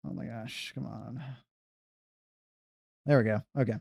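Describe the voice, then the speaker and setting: Mellow-voiced man thinking aloud while gaming. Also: mid-range voice, fairly even intonation, measured pace, vocal fry, slightly rough, no room sound, clean studio sound. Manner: muttering to himself, thinking aloud. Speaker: speedrunner streamer. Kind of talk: casual gameplay commentary. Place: living room on couch.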